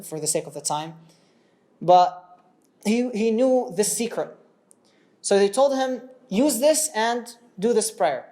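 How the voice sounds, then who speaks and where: A man's voice: high-pitched, a little mellow. Casual, digressive male storyteller. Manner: conversational, digressive, checks in with the listener. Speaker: teacher of religious stories.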